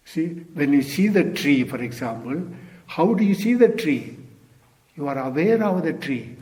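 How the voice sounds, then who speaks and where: A man's voice: fairly high pitch, a little mellow. An older man from India, giving a Zen dharma talk as teacher, repeating key words and posing rhetorical questions to his listeners.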